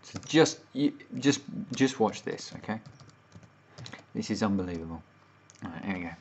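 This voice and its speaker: A man's voice: fairly low pitch, animated, moderate pace. A British man from the United Kingdom ranting and swearing on a casual livestream, getting more worked up as he goes. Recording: dull lo-fi stream audio.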